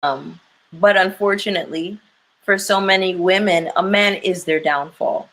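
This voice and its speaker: A woman's voice: on the low side, moderate pace, a bit bright, poor audio. A young woman hosting a live stream, talking candidly and emphatically to her viewers and reading their comments aloud. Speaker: livestream commentary host.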